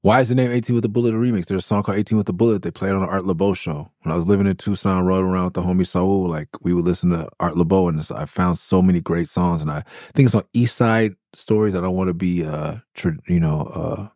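Deep, dark-voiced man telling stories. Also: fairly even intonation, quick pace, hardly any pauses, no room sound, clean studio sound. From Los Angeles. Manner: loose, enthusiastic, rambling with many "like"s. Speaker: podcast host. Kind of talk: casual storytelling about his album.

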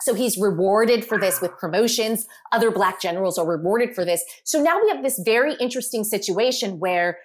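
A woman guest talking through a history topic on a podcast, explaining at length in a lively way with asides. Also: medium pitch, a little fast, few pauses.

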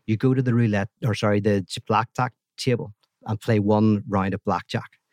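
A man voicing a wry male god in a told joke, giving calm orders. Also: fairly low pitch, moderate pace, dry recording, studio quality, natural voice. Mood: commanding. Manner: calm commanding instructions.

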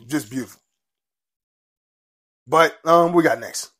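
A man's voice: a little high, slow, pushed and bright. A young man co-hosting a podcast, chatting casually and animatedly, swearing freely and retelling TV scenes with feeling. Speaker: podcast co-host. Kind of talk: casual chat.

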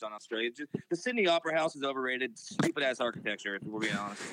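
A man's voice: mid-range voice, animated, sharp tone, rough recording. A man guesting on a podcast, ranting and swearing in casual chat. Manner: fast, ranting and profane.

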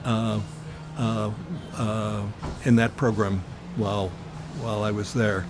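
An older American man giving an oral history interview, telling his memories in an earnest, reflective way with frequent pauses and fillers. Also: on the low side, level tone, noisy background.

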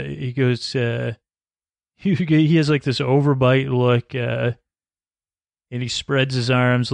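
A man with a gravelly voice rambles through a scene-by-scene recap, stalling on "uh" and restarting words. He is recorded close up on a very dry mic, with no room sound. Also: medium pitch, no room sound. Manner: halting, many "uh" fillers and restarts. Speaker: podcast host recapping a TV episode.

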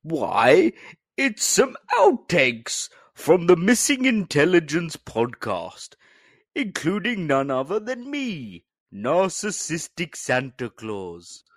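A man's voice: on the high side, sing-song, slow pace, dry recording, studio quality, heavily acted. A man voicing a vain, self-important Santa Claus on a comedy podcast, grandly reciting his own titles. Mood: pompous. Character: pompous self-obsessed male Santa Claus. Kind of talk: comedy podcast character bit.

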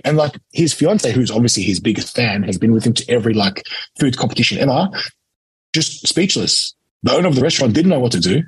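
A young Australian man, an interview guest, telling a lively casual story and acting out quoted lines. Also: medium pitch, fast, slightly rough, no room sound, low-quality recording. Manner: animated anecdote-telling, acts out quotes. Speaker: interview guest, competitive eater.

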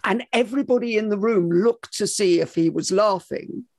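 High gravelly podcast host. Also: male voice, moderate pace, dry recording. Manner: chatty, questioning, self-interrupting. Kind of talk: podcast interview.

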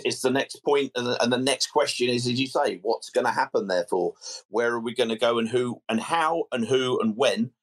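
A man presenting a fan phone-in show in a measured, chatty way. He moves calls along and addresses callers casually as sir and mate. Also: medium pitch. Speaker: radio phone-in host.

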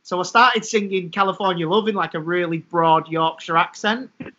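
A man's voice: high voice, moderate pace, bright, forceful tone. A man co-hosting a podcast, telling stories in a jokey casual way. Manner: jokey, laughs often. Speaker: podcast co-host. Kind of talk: casual chat. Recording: dull lo-fi sound.

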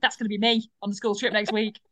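Bright-voiced British woman telling stories. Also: mid-range voice, little pitch movement, quick pace, no room sound. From Britain. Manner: storytelling, acts out quotes. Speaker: podcast co-host. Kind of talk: casual chat.

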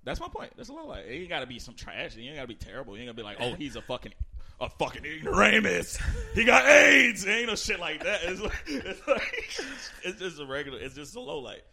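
Animated, bright-voiced man. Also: a little high, fast talker, few pauses. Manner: animated, profane banter, shouts jokingly. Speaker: podcast co-host. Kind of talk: casual chat. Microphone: podcast microphone.

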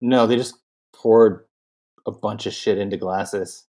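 A man co-hosting a podcast in casual chat, adding quick joking reactions and short interjections. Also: fairly low pitch, fairly even intonation, a little mellow. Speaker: podcast co-host.

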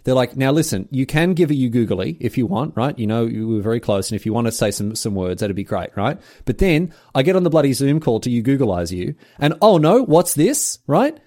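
A man's voice: medium pitch, big pitch swings, brisk, hardly any pauses, darkish tone. A man co-hosting a podcast, ranting in exasperation in casual chat, with many restarts. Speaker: podcast co-host.

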